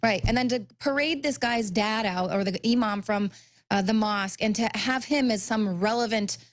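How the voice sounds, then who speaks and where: A woman's voice: mid-range voice, moderate pace. A woman reporter co-hosting a talk show, speaking in a frustrated, indignant tone. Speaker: reporter and co-host.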